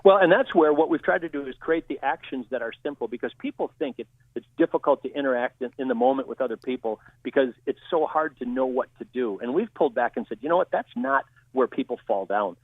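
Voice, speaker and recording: A man's voice: mid-range voice, quick pace, hardly any pauses, no room sound. Male trainer on a tinny phone line. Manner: steady, explanatory teaching tone. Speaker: guest communication trainer. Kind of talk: interview answers.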